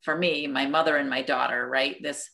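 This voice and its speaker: A woman's voice: a bass voice, fairly even intonation, normal speed, vocal fry, pushed and bright. A middle-aged woman leading a study group over a video call, sharing a personal story in an earnest, reflective way with frequent restarts.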